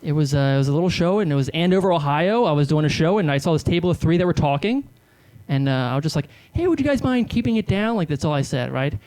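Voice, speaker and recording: A man's voice: on the high side, quick pace, a little mellow. A man in his thirties doing stand-up comedy, telling rambling, self-deprecating stories with many fillers into a handheld stage mic. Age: 30s.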